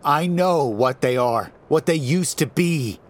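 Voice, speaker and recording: A tense, defiant teenage boy, played by a man, speaks up in a strained, urgent voice. His voice rides higher and louder than a plain speaking voice. He sounds like a scared kid trying to hold his ground in a horror audiobook. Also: animated, slow.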